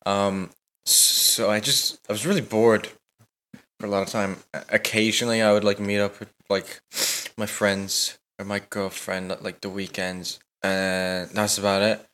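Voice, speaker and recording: A man's voice: on the low side, little pitch movement, a little slow, a bit bright. A teenage man co-hosting a podcast in casual chat, rambling with lots of "like", swearing and giggling. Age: late teens. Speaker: podcast co-host.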